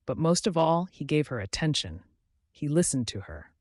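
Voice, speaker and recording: A man narrating a folktale in a dramatic, measured way. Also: on the high side, very animated, husky, no echo, studio quality. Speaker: storyteller.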